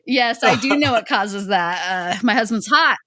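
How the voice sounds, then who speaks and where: A woman's voice: medium pitch, lively intonation, normal speed, sharp tone, dry recording, studio quality. A woman in her forties, a guest author on a podcast, chatting energetically with frequent laughs and lots of "like". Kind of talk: casual podcast chat.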